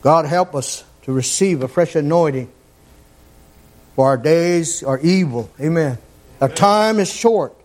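A man preaching a fervent sermon in a church, sometimes rising to shouts. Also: fairly high pitch, a little slow.

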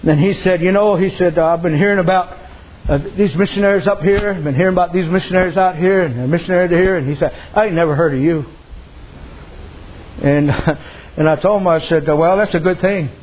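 A man's voice: high-pitched, a little fast, muffled recording. A man preaching a sermon in a folksy storytelling way, retelling conversations with lots of "I said". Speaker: pastor.

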